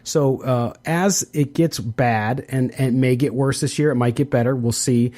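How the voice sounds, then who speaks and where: A middle-aged man hosts a sports podcast in a relaxed, conversational way. He runs through sponsor thanks at a quick clip, then settles into casual opinion talk. His voice sits at an ordinary pitch for a man. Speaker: podcast host.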